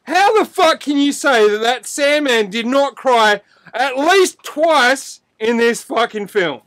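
Aussie guy, really high voice, yelling and cursing mid argument on a podcast. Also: expressive, slow pace. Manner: loud, swearing, exasperated. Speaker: podcast co-host. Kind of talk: heated casual argument.

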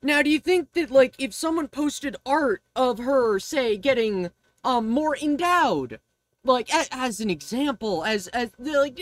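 A woman's voice: sits high, unhurried. A woman streamer chatting casually on a livestream, ranting and swearing freely. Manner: ranting, profane, animated.

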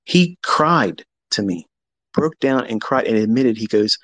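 A man in his fifties talks bluntly and swears freely as he hosts a live audio chat. He tells a story by acting out both sides of past conversations. His voice sits at an ordinary pitch and sounds dry and close. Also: animated, a little slow, fairly bright tone, no echo, low-quality recording. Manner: blunt and profane, acts out both sides of remembered arguments. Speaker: host.

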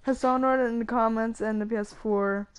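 A woman chatting casually while playing an online game, soft-spoken and hesitant, often pausing with fillers. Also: a little high, steady tone, clean tone. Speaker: gamer hosting her channel. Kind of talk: casual chat while gaming.

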